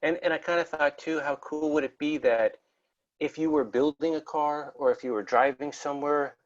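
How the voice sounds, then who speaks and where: A man's voice: a little high, fairly even intonation, normal speed. A man hosting a hobby podcast, chatting casually in a rambling, self-deprecating, friendly way. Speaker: podcast host. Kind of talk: casual interview chat. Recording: dull lo-fi podcast audio.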